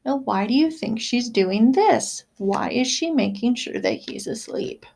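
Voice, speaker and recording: School staff woman reading aloud to kids; expressive, high, questioning. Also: unhurried, gravelly. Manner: expressive, asks listeners questions. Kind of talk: children's read-aloud storytime.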